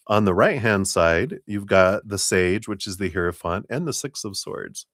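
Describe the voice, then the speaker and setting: A man with a very low voice reads tarot on a live stream, recorded dry and close. He talks in a relaxed, rambling way, full of fillers and spiritual phrases. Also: moderate pace, few pauses, no room sound. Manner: relaxed, meandering, spiritual talk with many fillers; acts out spirit voices in a raised pitch, laughs often. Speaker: tarot reader.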